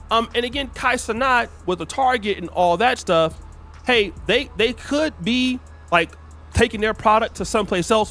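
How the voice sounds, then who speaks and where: High-voiced man explaining calmly. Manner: measured, explanatory.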